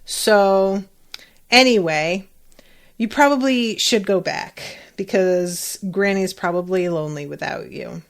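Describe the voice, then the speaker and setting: Chatty animated woman podcast host. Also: mid-range voice, takes it slowly, gravelly. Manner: chatty, animated, swears freely. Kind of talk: casual reaction commentary.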